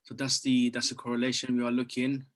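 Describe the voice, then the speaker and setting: A man in casual chat about trading, excitable and swearing, calling his friend bro. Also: mid-range voice, quick pace, poor audio. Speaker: trader.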